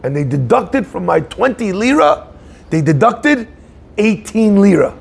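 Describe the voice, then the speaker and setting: A man giving an animated storytelling sermon, acting out the people in his story. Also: sits high, unhurried, vocal fry, breathy edge. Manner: animated storyteller, acts out shouting voices. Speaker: rabbi giving a talk.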